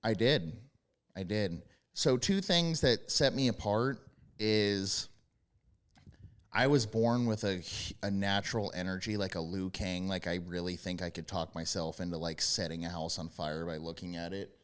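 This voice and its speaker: A young man with a very low, deep voice tells his stories in brash, profane casual chat. Now and then he breaks into loud yelled impressions. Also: moderate pace, clear, resonant tone. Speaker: podcast guest, former quarterback.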